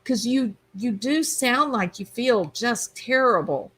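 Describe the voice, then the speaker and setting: A woman's voice: fairly high pitch, expressive, slow, fairly bright tone, slightly rough, poor audio. A woman hosting a livestream, chatting casually and reading viewer comments aloud. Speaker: livestream host reading chat. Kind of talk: casual chat.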